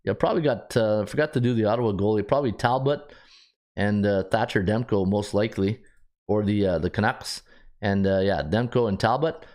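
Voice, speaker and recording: A man's voice: fairly low pitch, a little fast, darkish tone. A man hosting a sports betting podcast, thinking aloud as he checks stats, with frequent restarts and filler words. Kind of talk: casual solo analysis.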